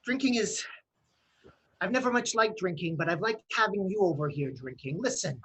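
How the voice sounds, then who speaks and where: A woman improviser on a video call, talking in halting starts and restarts. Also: medium pitch, lively intonation, breathy edge, rough recording. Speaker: improv performer. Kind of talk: online improv scene work and chat.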